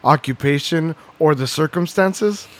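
Guy on a podcast, kinda high voice, cussing and rambling, laughs a lot. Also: a little slow. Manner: profane, rambling, laughs often. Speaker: podcast co-host. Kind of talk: casual chat.

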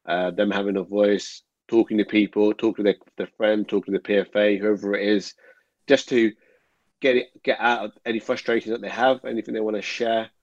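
An English former footballer speaks as an interview guest in a lowish, slightly mellow voice, reflecting earnestly and rambling with lots of fillers. The audio is dull and dry, with no room sound.

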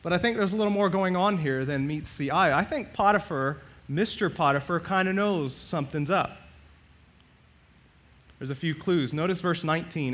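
A male pastor preaching a sermon, animated, swinging between loud and soft and acting out the quotes. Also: fairly high pitch, moderate pace.

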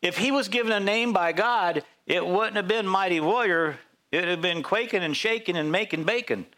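Guy pastor preaching in church, tells bible stories all animated, bright tense voice. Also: high voice, normal speed. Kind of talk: sermon.

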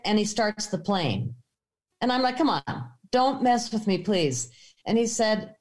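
A woman in an interview, animatedly telling a story and acting out the voices in it. Her voice sits at a middle pitch for a woman. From United States. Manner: animated, acts out voices in anecdotes. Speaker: filmmaker guest.

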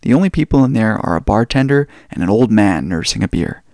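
A man hosting a podcast and telling stories in a relaxed, casual way. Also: lowish voice, fairly quick, no room sound. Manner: relaxed storytelling. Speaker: podcast host.

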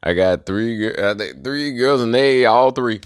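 A man's voice: medium pitch, measured pace, dry recording, studio quality. A man hosting a solo rant show, talking in a heated, profane and conspiratorial way. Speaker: host.

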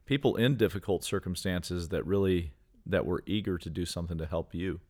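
A man's voice: deep voice, brisk, a little mellow. A man co-hosting a faith-based chat who reflects aloud with many "you know"s.

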